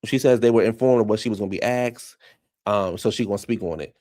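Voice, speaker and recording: A man's voice: fairly low pitch, fast, a little mellow. A man giving casual commentary, recapping reality TV in a chatty, incredulous way with lots of rhetorical questions.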